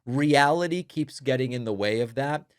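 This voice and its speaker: A man's voice: mid-range voice, moderate pace, smooth, no room sound, clean studio sound. A man hosting a political commentary show, mocking and sarcastic in his delivery.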